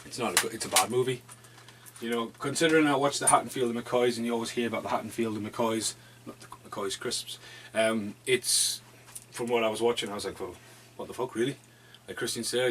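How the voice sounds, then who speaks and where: A man talks through a pile of movies in a loose home vlog, rambling from one thought to the next and swearing freely. His voice sits at an ordinary middle pitch. A faint background hiss sits under the recording in his dim room. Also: fairly bright tone. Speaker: movie reviewer. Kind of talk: casual movie review vlog.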